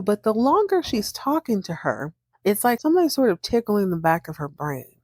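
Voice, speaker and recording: A woman's voice: fairly high pitch, sing-song, normal speed, a little mellow, no echo, clean studio sound. A woman hosting a podcast, casually recapping a TV episode and playfully acting out the characters' lines. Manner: chatty, acts out characters' lines with playful voices.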